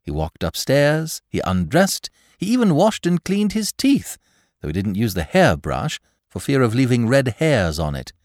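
A man voicing a flippant, theatrical aristocratic gentleman detective in a storybook reading. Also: mid-range voice, huge pitch swings, a little slow, no room sound, studio quality. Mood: animated. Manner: breezy, theatrical, whimsical. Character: flippant aristocratic young male sleuth.

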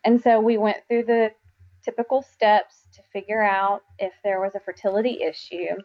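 Earnest woman, podcast guest, mid pitch, slightly lo-fi sound. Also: level tone. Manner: earnest, reflective, quick to laugh. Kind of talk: faith podcast conversation.

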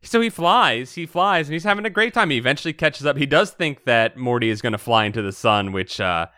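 Bright, wry man recapping a story. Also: medium pitch, fairly quick, dry recording, studio quality. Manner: retells the plot in a relaxed, wry way. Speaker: podcast co-host. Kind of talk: casual book discussion.

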